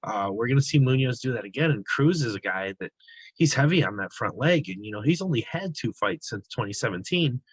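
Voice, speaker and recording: A man's voice: mid-range voice, expressive, brisk, slightly rough, dry recording, rough recording. A man giving sports betting analysis in a casual, conversational way, with frequent fillers and restarts.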